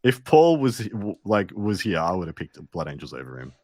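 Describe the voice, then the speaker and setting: A man's voice: low-pitched, very animated, moderate pace, crowd noise. A man co-hosting a casual gaming podcast, laid-back, rambling and jokey. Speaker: co-host.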